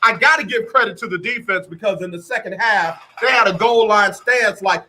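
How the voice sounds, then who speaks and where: A man's voice: high-pitched, moderate pace, bright, forceful tone, faint music behind. A man hosting a radio show, talking emphatically and dropping into mock quotes of other people. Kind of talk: animated radio talk monologue.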